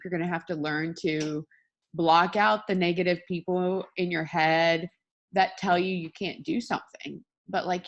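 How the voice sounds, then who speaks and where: A woman's voice: fairly low pitch, gravelly, dull audio. A woman, probably in her thirties, giving a blunt, emotional motivational talk over a video call, crying as she swears and pleads with her listeners. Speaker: motivational speaker.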